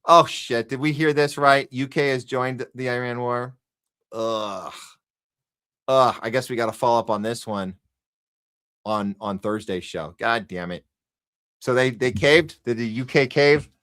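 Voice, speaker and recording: Ranting podcast host, bright edgy voice. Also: male voice, medium pitch, moderate pace, clean tone. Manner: ranting, sarcastic, heated; talks to a chat audience. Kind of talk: live news commentary podcast.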